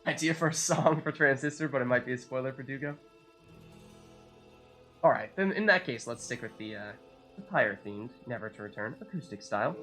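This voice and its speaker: A man's voice: medium pitch, a little fast, sharp tone, faint music behind. A man hosting a community game stream, chatting with players in slightly formal phrasing. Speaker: stream host.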